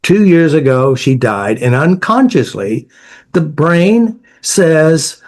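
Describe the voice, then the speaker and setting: A man's voice: a little high, very animated, slow, a little mellow. A man working as an emotional therapy coach, explaining his ideas through client stories in a direct, repetitive way. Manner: direct, repetitive, lists ideas in short bursts.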